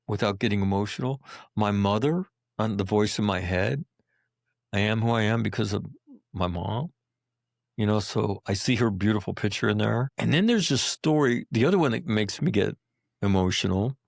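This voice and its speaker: Gravelly low-voiced man telling stories. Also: dry recording, clean studio sound. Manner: blunt and profane, leans on "right?" and "you know". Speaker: podcast guest, Marine veteran. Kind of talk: emotional personal storytelling.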